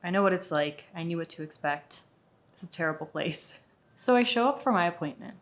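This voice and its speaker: An American woman in her young adult years talks in a fairly low, animated voice at a fairly quick clip. She's a vlogger doing a casual, exasperated storytime, sprinkling in lots of "like."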